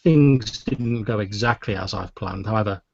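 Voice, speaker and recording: A man voicing a cold, calculating male crime lord who speaks slowly and quietly. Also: on the low side, lightly acted. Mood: cool menace. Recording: dull, dry lo-fi audio.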